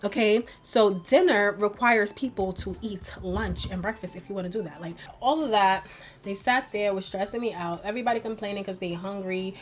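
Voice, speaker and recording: A young beauty vlogger sits at her vanity in her home bedroom, doing her makeup while chatting and venting. She speaks at normal speed in a mid-range voice, rambling with lots of fillers.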